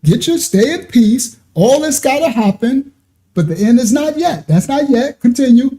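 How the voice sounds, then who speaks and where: A man's voice: very high-pitched, expressive, normal speed, dark tone. A man preaching in a conversational Bible-study sermon, emphatic and often repeating himself or restarting mid-sentence.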